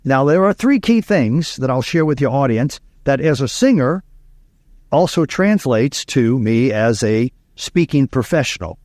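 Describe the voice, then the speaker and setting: A man's voice: mid-range voice, lively intonation, unhurried, darkish tone, no echo, studio quality. A man from Louisiana, a speaking coach telling stories in an interview, emphatic and repeating key lines. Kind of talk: interview storytelling.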